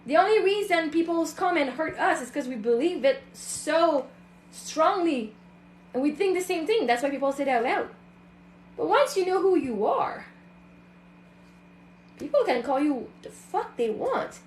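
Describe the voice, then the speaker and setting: High-voiced woman coach in echoey room. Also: animated, a little slow, slight background noise. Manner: emphatic, acts out other people's voices. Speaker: self-love and mindset coach. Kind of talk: casual monologue to an online audience.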